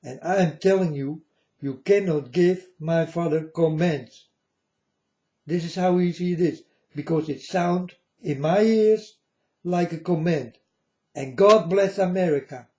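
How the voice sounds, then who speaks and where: A man with a high but mellow voice lectures slowly, preaching at his viewers and pressing them over and over. The sound is dull and lo-fi, with a roomy echo. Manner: lecturing, repeats "folks" and "you understand". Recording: echoey room, dull lo-fi sound.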